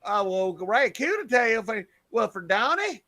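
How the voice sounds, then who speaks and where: A male host in casual livestream banter, joking and crude, with a fairly high and very lively voice. The sound is close and dry. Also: measured pace, no echo.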